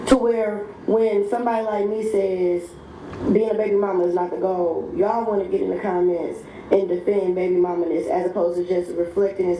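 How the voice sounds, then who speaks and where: A woman's voice: mid-range voice, mellow. A woman giving blunt, opinionated commentary with emphasis, now and then mocking the people she criticizes. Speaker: social media commentator. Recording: roomy echo with faint background noise.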